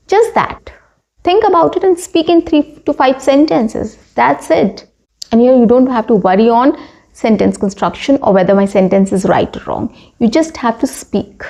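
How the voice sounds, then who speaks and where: A woman's voice: a little high, gravelly, dark tone. A woman with an Indian English accent teaching a spoken English lesson, coaching learners and running through lists with frequent "right?" checks.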